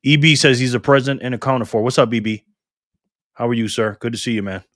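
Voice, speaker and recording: A man's voice: medium pitch, quick pace, fairly bright tone, dry recording, clean studio sound. Upbeat man hosting a live stream. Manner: greets chat viewers by name, upbeat and friendly. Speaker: livestream host. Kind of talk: casual live-stream chat reading comments. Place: home room in Las Vegas.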